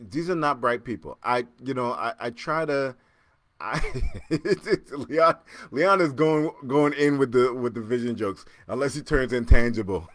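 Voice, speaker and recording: A man hosting a casual solo podcast, joking and laughing as he reacts to listener comments, jumping between loud excited bursts and low muttering. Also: dry recording. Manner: animated, joking, laughs often, repeats himself. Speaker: podcast host.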